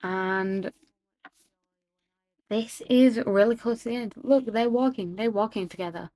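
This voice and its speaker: Chatty excitable woman animator. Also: medium pitch, a little slow. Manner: chatty, excitable, self-deprecating, talks to viewers. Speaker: animator narrating her work. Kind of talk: casual voiceover commentary. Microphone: home voiceover mic.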